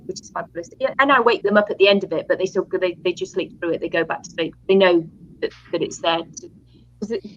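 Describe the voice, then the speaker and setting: A British woman talking in a casual chat with a bright, clear tone. She is a hypnotherapist guest who laughs often and restarts her sentences. Her pitch sits in a middle range. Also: highs cut off.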